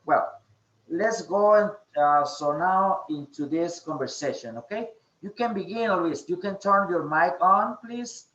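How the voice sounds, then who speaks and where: A male English teacher leads an online class, pausing often and checking in with "okay?". His voice sits a bit high and moves slowly. The call audio is echoey and muffled. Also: bright, forceful tone. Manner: slow, repeats "okay?" often, hesitant fillers.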